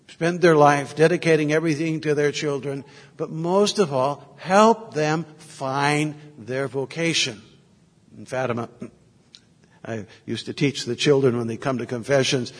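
A man's voice: mid-range voice, big-room sound. A man, a Catholic priest, giving a sermon, reflective in manner and telling stories from his ministry. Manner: reflective storytelling, moving in and out of quoted voices. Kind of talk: sermon with anecdotes.

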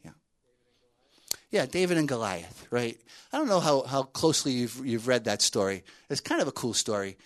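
Brief: casual male youth speaker, mid-pitched, telling a story loosely. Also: very animated, normal speed. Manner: conversational, with many fillers and asides. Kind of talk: storytelling sermon to a group.

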